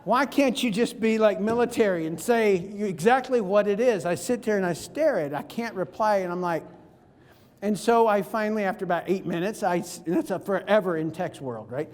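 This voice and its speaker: A man delivers a storytelling keynote, his fairly high voice carrying the lively back-and-forth of the conversations he acts out. The sound rings with the long reverb of a large hall. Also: fairly quick. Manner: animated, acts out dialogue in his stories. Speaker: motivational speaker. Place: large event hall on stage.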